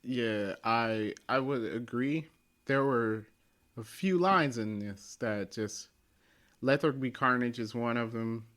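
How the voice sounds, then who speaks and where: Guy hosting a movie podcast, gets animated, laughs a lot, plays out quotes. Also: medium pitch, takes it slowly. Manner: animated, laughs often, acts out lines. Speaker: podcast host. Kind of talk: casual movie review chat.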